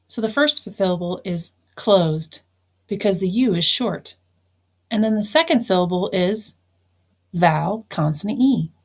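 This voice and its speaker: A woman teacher talks through a recorded phonics lesson at an unhurried pace, with a voice of ordinary middle pitch. She spells words out letter by letter and explains each syllable patiently. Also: a little mellow, breathy edge.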